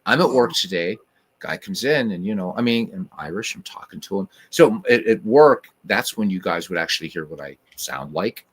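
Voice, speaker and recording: A man hosts a podcast in loose, casual conversation. He rambles and wanders off on tangents. His voice sits fairly low for a man. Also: animated, normal speed, husky. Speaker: podcast host. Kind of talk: casual chat.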